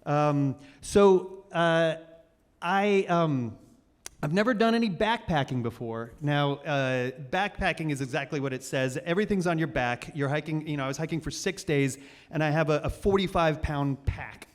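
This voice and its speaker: Story guy hosting live, kinda high voice, rambly with lots of ums, echoey hall sound. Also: moderate pace. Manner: rambling, self-deprecating, many fillers and restarts. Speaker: storytelling show host. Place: stage of a cultural center hall.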